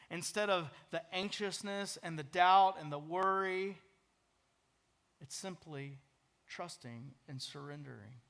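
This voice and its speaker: A pastor preaching an earnest, conversational sermon with prayerful asides. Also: male voice, fairly high pitch, fairly bright tone.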